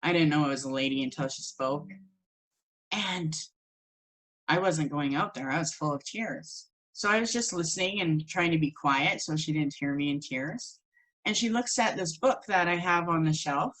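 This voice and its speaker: A woman teaching a spiritual course, telling a personal story in an animated way and acting out the voices of the people in it. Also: deep voice, moderate pace, poor audio. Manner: animated, acts out quoted voices.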